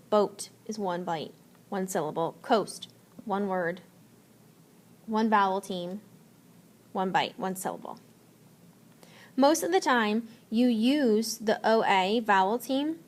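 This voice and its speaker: A woman teaches a spelling lesson at an unhurried pace, stretching out each letter sound as she spells. Her voice sits on the higher side, and she talks patiently to her students, one word at a time.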